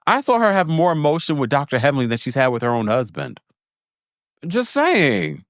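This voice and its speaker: Lively, chatty man recapping. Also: mid-range voice, fast, dry recording, studio quality. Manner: chatty, animated, with laughs and self-corrections. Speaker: show host recapping a reality series. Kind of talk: casual live recap chat.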